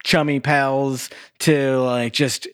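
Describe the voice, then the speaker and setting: A man with an ordinary middle-pitched voice talks through a movie's plot on a podcast. He stops and restarts often and leans on filler words. The sound is dry and close, with no room sound. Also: little pitch movement, a bit bright, smooth, no room sound. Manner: halting, many fillers and restarts while recapping. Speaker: podcast co-host. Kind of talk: casual movie review chat.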